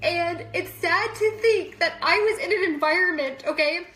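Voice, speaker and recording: A woman's voice: very high-pitched, normal speed, pushed and bright, roomy sound. A woman in her thirties crying as she tells viewers, apologizing often and speaking straight to them. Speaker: vlogger. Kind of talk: emotional personal vlog.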